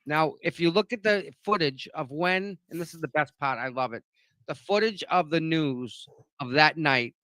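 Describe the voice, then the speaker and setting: A man's voice: on the high side, moderate pace, sharp tone, dry recording. A man with a Boston accent, a guest on a casual livestream, talking emphatically and repeating points for punch.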